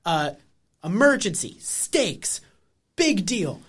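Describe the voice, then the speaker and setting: A man's voice: sits high, very animated, slow, fairly bright tone, husky. A male podcast co-host rambles through a comic episode recap, stringing thoughts together with filler words. He swears freely and talks in a loose, casual way.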